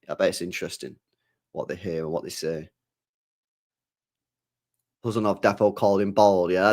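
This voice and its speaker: A young man, hosting a casual football stream, rambling in slangy, animated asides. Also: lowish voice. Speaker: football channel host. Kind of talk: casual livestream chat.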